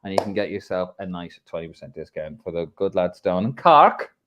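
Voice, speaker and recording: A man from Ireland hosting a live football podcast, chatting casually with mates, swearing and joking, his pitch swinging up and down. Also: quick pace, noisy background. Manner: banter-filled, swears, lively swings in pitch. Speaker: podcast host.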